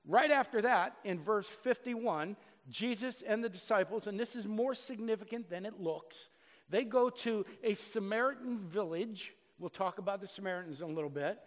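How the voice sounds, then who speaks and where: Pastor, male, high voice, earnest sermon delivery with loud and hushed stretches, church hall reverb. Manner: earnest, swings from loud emphasis to soft and low.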